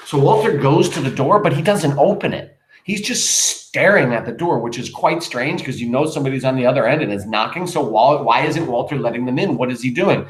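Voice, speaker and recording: A man's voice: mid-range voice, animated, a little fast, reverberant. Chatty male teacher explaining a play. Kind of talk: reading a play aloud and explaining it to a class.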